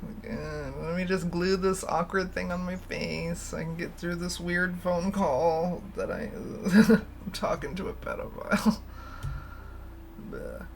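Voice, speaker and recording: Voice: mid-range voice, sing-song, a little slow, gravelly, a little hiss or hum. A livestream host chatting casually, rambling and candid, laughing often and swearing freely. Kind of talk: casual stream chat.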